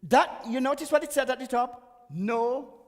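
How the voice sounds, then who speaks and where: A man's voice: extremely high pitch, fairly even intonation, moderate pace. A man giving a chatty, emphatic health talk at a church and laughing at himself now and then. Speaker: guest speaker on health. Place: church hall. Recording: echoey church hall.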